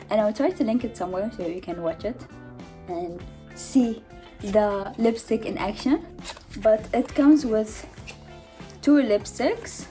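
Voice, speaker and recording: A woman's voice: fairly high pitch, warm tone. Giggly, breathless young woman vlogging. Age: 20s. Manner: chatty, giggly, self-mocking. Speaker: beauty vlogger. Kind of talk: casual makeup haul chat. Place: at home in her mother's house. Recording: home vlog with background noise.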